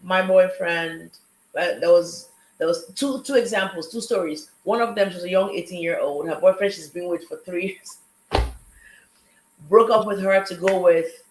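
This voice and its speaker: A woman hosting a relationship talk show, telling stories with lively energy and acting out the people she talks about. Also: fairly low pitch, normal speed, reverberant, a little hiss or hum, poor audio. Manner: animated storytelling, acts out callers' lines. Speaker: podcast host. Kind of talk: casual chat.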